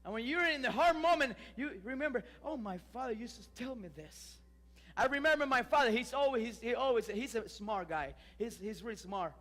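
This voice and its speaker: A male pastor, preaching a lively sermon full of restarts and emphatic rises. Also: very high voice, fairly quick, big-room sound. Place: church sanctuary.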